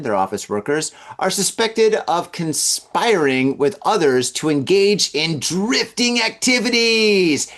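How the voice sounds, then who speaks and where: Lively joking male news-show host. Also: high-pitched. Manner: animated, joking asides, acts out drunk voices. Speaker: podcast host reading news. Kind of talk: casual comedic news commentary.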